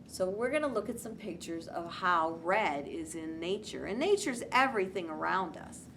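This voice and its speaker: A woman who teaches preschoolers, reading a storybook aloud and teaching a lesson in a slow, gentle, expressive way. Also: on the low side, noisy background.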